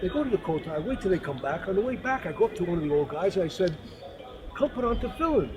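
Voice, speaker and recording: High-voiced man telling earnest stories. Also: rapid-fire, low-quality recording. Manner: earnest, animated storytelling with acted-out quotes. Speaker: religious teacher. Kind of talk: storytelling spiritual talk. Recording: crowd noise in the background.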